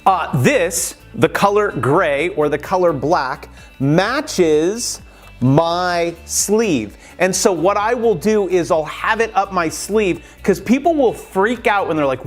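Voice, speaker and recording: A man talking casually in a how-to vlog, chatty and animated, acting out little conversations as he gives tips. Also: sits high, measured pace, faint music behind. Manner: chatty and animated, acts out quoted exchanges. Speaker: YouTube creator.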